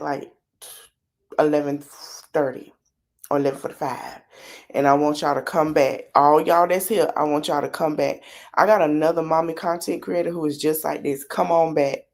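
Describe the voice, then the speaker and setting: A woman's voice: sits low, darkish tone. Sassy, blunt woman streamer. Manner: sassy, blunt and mocking, slangy. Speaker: podcast host reacting to a video. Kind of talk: livestream commentary.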